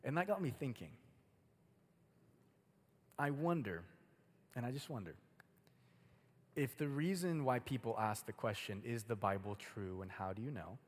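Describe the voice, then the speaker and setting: A man's voice: mid-range voice, lively intonation, a little slow, pauses often. Young man preaching in an echoey hall. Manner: casual, chatty, heavy use of "like". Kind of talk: sermon. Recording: long hall reverb.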